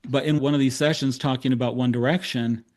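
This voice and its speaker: A man's voice: mid-range voice, quick pace. A middle-aged man, a therapist, telling a case story in a talk, acting out the dialogue with self-deprecating humor. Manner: animated storyteller who acts out quoted dialogue. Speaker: therapist presenting case studies.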